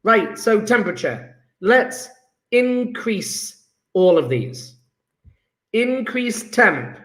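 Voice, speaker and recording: Lively high-pitched male teacher, echoey. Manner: enthusiastic, coaxing students, quick asides. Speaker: chemistry teacher. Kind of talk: live online lesson. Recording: roomy echo.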